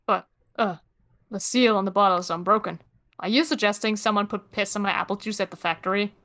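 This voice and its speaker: A woman reading a webcomic's chat lines aloud as a cocky teenage boy, flat and sardonic. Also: medium pitch, a little fast, lightly acted.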